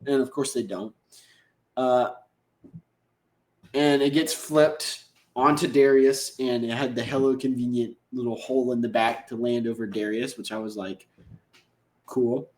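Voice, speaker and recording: Man, podcast host, casual rambling recap, slangy, echoey room, middle pitch. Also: steady tone, normal speed, darkish tone. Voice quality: rambling, slangy, acts out characters' lines.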